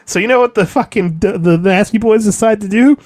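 A young man co-hosting a podcast, recapping wrestling in a profane, exasperated, animated rant. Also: high voice, a little fast. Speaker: podcast co-host. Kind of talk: casual wrestling recap chat.

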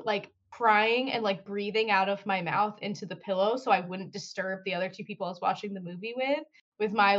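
A woman's voice: medium pitch, fairly bright tone. A young woman on a casual podcast who chats at length, laughs often and fills her talk with "like". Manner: chatty, laughs often, says "like" a lot. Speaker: podcast co-host. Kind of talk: casual group chat. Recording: muffled lo-fi sound.

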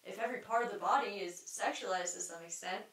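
In a medium-pitched, fairly bright voice and at a quick pace, a young adult woman delivers a solo stream-of-consciousness podcast monologue. She is candid and rambling, with lots of fillers, restarts and casual swearing, and a distant mic gives a roomy sound.

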